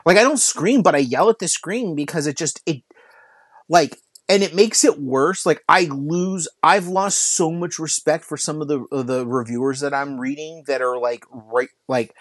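A man's voice: a little high, moderate pace, no echo. Ranting, foul-mouthed podcast man. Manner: ranting, frequent swearing and filler "like". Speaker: podcast co-host. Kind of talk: casual chat.

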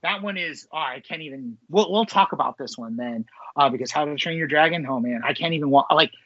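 A man's voice: a little high, brisk, no room sound. A man in his forties, a podcast co-host, chatting casually, sentimental and swearing now and then. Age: 40s. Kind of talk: casual chat. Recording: dull, lo-fi dry sound.

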